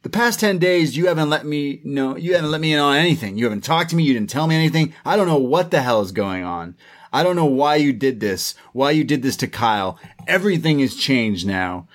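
A hurt, pleading young wrestler, as a podcast host puts him on, his voice rising and cracking as he confronts a friend who betrayed him. He sounds wounded more than angry, pushing his words out fast and high. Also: lively intonation, lightly acted.

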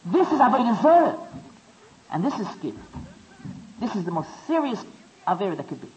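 Man w preaching, high voice, repeats himself a lot, muffled lo-fi sound. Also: very animated, a little fast, a little mellow. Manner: rising to impassioned pitch, stammering restarts. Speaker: speaker. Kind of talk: Torah talk. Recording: dull lo-fi recording.

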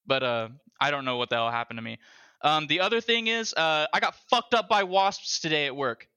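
A man hosting a podcast, telling animated stories with heavy swearing and bursts of laughter. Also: a little high, fairly quick, clean tone, dry recording, dull audio. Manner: profane, animated storyteller with loud laughing bursts. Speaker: podcast host. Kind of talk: casual chat, storytelling.

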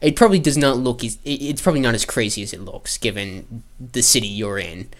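A man's voice: medium pitch, a little fast. A man narrating as game master, hesitant, with many fillers and restarts.

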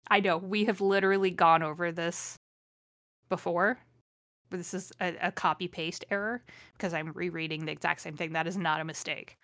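Bright-voiced woman reading a fanfic for laughs, sarcastic and fed up. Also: lowish voice, steady tone, moderate pace, dry recording, clean studio sound. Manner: sarcastic, exasperated asides. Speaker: host, dramatic reader. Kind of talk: comedic reading of a fan story.

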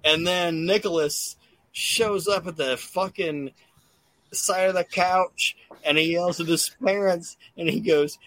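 A man's voice: high-pitched, steady tone, slow, fairly bright tone, no echo. A man hosting a casual podcast, rambling through a recap with plenty of cursing and fillers. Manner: rambling and profane, lots of fillers. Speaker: podcast host. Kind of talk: casual podcast chat recapping wrestling shows.

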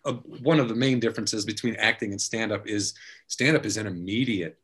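A man hosting a casual talk, relaxed, swearing freely and acting out bits of his anecdotes. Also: lowish voice, a little fast, husky. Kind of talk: casual chat.

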